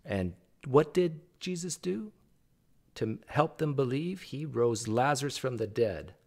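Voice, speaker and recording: A man's voice: medium pitch, lively intonation, a little slow, gravelly, a little mellow. A man hosting a reaction video, arguing casually and addressing the speaker in the clip directly. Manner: argumentative, talks back directly to the speaker on screen. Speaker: video host reacting to clips.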